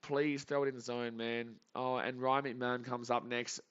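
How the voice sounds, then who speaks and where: A man hosting a live reaction stream, calling pitches anxiously and pleading over and over, tired from an early start. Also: level tone, moderate pace, clear, resonant tone. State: tired, up early without coffee. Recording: dull lo-fi stream audio.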